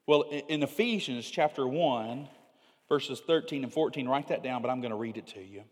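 A man's voice: mid-range voice, animated, normal speed. Middle-aged man preaching in a reverberant sanctuary. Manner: swings from loud preaching to hushed, near-whispered storytelling. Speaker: pastor. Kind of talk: sermon.

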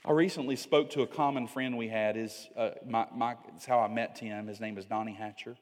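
A middle-aged pastor preaching a sermon, swinging from loud emphatic lines to hushed, near-whispered storytelling. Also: male voice, medium pitch, fairly even intonation, fairly quick, big-room sound.

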